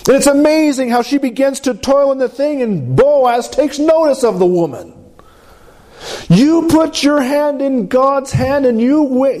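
A man preaching a sermon to a congregation, asking for amens and swinging between high emphatic lines and low drawn-out ones. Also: mellow. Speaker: pastor.

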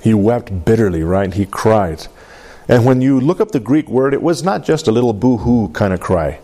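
A man's voice: lowish voice, expressive, moderate pace, dark tone. A man leading a Bible lesson, asking the group questions and tagging sentences with "right?". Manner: asks the group questions, keeps adding "right?". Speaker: Bible study teacher.

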